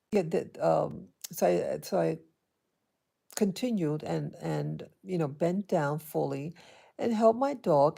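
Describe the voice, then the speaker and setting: A woman vlogger telling a personal story to her viewers in a hesitant, halting way, with many restarts. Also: on the low side, creaky, dark tone. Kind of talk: casual personal storytelling to camera.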